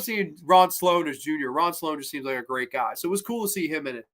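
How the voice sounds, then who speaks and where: Man, high voice, casual rambling review, profane, filler words, mimics characters. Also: a little fast, hardly any pauses, fairly bright tone. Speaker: host reviewing horror episodes.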